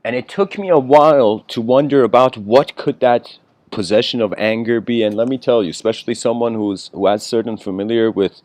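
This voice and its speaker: A man at an ordinary mid pitch gives a casual spiritual lecture, wandering between ideas with throat clearing and small laughs. The sound is close and dry, with no room around it. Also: fairly quick, darkish tone, no echo.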